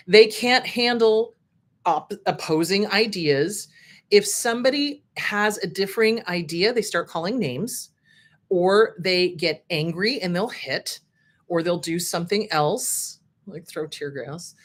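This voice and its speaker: A middle-aged woman therapist hosting a casual advice talk, frankly riffing on a list she reads out. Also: mid-range voice. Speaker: host, therapist.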